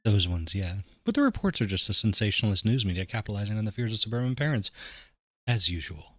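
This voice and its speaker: A man voicing a tired middle-aged male schoolteacher in a game, low and deadpan. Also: fast talker, dry recording. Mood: weary.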